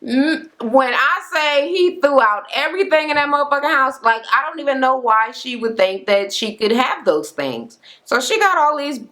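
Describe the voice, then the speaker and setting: A woman's voice: sits high, animated, normal speed, few pauses, sharp tone. A woman giving a casual, profane rant as she recaps a reality show. She talks bluntly and keeps the story moving. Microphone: camera-mounted recording setup.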